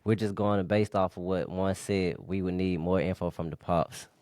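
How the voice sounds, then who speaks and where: A man reading listener comments aloud on a podcast in a steady, matter-of-fact way. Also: deep voice, moderate pace, no echo, studio quality.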